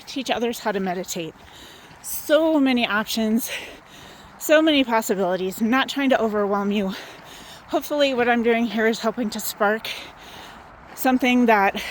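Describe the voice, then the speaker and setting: A woman hosting a wellness challenge, giving gentle, encouraging motivational talk outdoors, a little out of breath from walking. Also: a little high, slight background noise, rough recording. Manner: gentle, encouraging, guiding with questions. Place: outdoors in the sun.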